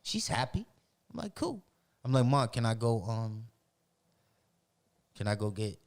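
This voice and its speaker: A man spins long, animated stories from his youth. He talks in casual street slang, full of profanity. His voice sits at a middle pitch for a man. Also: a little slow, vocal fry, long pauses. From Roxbury, Boston. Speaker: podcast guest. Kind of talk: casual storytelling.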